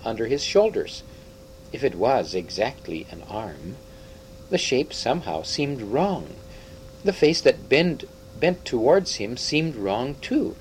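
A man narrating a storybook aloud with expressive, dramatic delivery. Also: medium pitch, slight background noise, low-quality recording. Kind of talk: audiobook storytelling.

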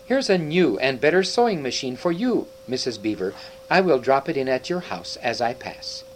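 A man's voice: mid-range voice, very animated, moderate pace, a little hiss or hum, lightly acted, poor audio. A man voicing a huge, glad and solemn old Father Christmas in a storybook reading, speaking in grave, kindly pronouncements.

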